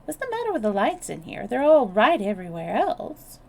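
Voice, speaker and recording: A woman voicing an excitable, blunt young Englishwoman who talks briskly. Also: fairly high pitch, gravelly, slight background noise, pitched above the performer's own voice, exaggerated voice. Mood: excited.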